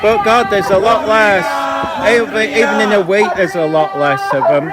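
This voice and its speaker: A man from Africa filming at a street protest, talking in a loud, mocking, taunting way. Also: high-pitched, moderate pace. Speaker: street videographer. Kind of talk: casual commentary while filming. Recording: loud crowd noise outdoors.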